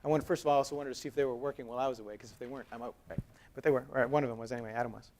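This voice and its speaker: Fast-talking man giving a keynote. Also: mid-range voice. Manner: lively, conversational, acts out dialogue with raised voice. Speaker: conference speaker, company co-founder. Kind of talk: storytelling keynote talk. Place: conference hall.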